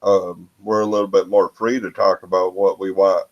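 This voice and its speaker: A man's voice: low-pitched, little pitch movement, normal speed, highs cut off. A man from Michigan hosting a casual chat over a video call, musing and hesitant, often trailing off with "I don't know.".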